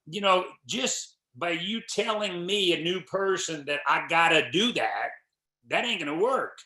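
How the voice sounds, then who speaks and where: Folksy animated speaker in an echoey hall. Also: male voice, fairly high pitch, normal speed. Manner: folksy, animated storytelling with acted quotes. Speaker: guest speaker. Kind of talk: motivational talk to an audience.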